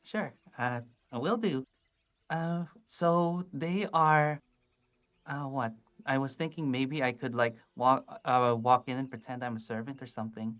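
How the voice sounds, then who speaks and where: A man's voice: medium pitch, measured pace, a bit bright. A man playing a tabletop game, describing his character's actions in a hesitant, casual way. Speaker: player. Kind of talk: casual play talk.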